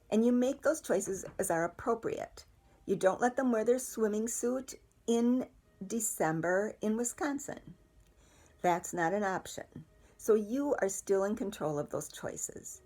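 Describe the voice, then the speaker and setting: A middle-aged woman, calmly and patiently explaining parenting ideas with everyday examples. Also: mid-range voice, normal speed. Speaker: parenting educator. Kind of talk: instructional talk to parents.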